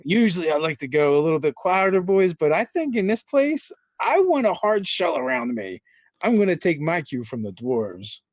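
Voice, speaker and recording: A man playing a tabletop role-playing game in easygoing, joking table chat. His voice sits a little high. The sound is close and dry. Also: very animated, normal speed, dry recording.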